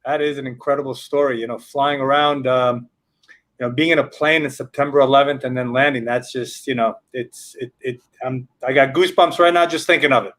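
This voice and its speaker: A man's voice: mid-range voice, fairly even intonation, brisk, fairly bright tone. A man from Israel hosting a podcast, enthusiastic and often repeating and restarting his words. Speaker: podcast host. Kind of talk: casual interview chat.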